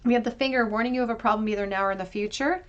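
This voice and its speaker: A woman giving a pick-a-card tarot reading to viewers, talking gently and reassuringly and thinking aloud with frequent ums. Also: on the high side, racing, muffled recording. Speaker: tarot reader.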